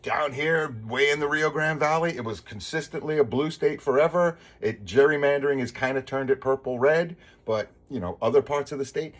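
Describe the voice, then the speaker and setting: Husky-voiced man ranting casually. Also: a little high, fairly quick, few pauses. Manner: digressive, opinionated, restarts a lot. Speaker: vlogger. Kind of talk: casual rambling monologue.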